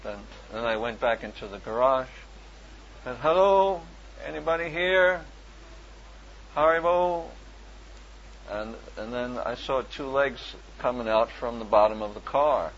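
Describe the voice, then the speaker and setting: A volunteer book distributor rambles through an anecdote, full of "you know" and chuckles. His medium-pitched, slightly bright voice keeps a fairly even intonation at a moderate pace with few pauses. The recording is dull and lo-fi, with a faint hiss.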